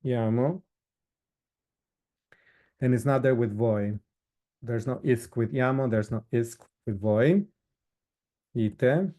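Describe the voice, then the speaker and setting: A man teaching a recorded lesson, explaining verb forms slowly with frequent fillers and listing each form one by one. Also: medium pitch, warm tone. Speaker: Italian instructor. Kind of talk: recorded lecture.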